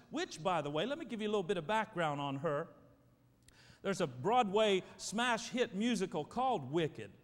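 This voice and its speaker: A man preaching as a pastor, praying emphatically and calling on his congregation to answer. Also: sits high. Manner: emphatic, prayerful, calls for congregation responses. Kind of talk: sermon. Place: church sanctuary. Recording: reverberant church hall.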